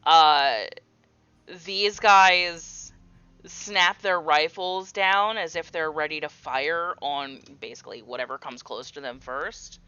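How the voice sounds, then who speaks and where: Slow-paced bright-voiced woman game master. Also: sits low, clear, resonant tone, no room sound, lo-fi sound. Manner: slow, descriptive narration with fillers. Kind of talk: narrating a tabletop game.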